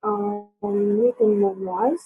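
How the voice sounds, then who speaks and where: A woman's voice: mid-range voice, fairly even intonation, slow pace, slightly rough. A woman teaching an online English lesson, hesitant with many fillers, her voice sore. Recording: tinny phone-like line.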